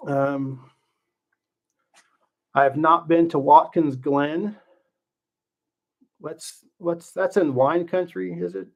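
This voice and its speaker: A middle-aged livestream host answers viewer questions slowly, with long pauses, in a voice that's a little high. He thinks out loud casually with fillers and restarts, and the audio is slightly dull and lo-fi.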